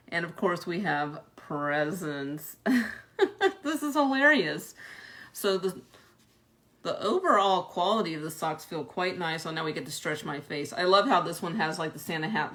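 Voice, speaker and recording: Young female vlogger, somewhat low pitch, bright forceful tone, chatty and quick to laugh. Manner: chatty, laughs often between remarks. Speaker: vlogger reviewing a product. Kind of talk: casual unboxing chat.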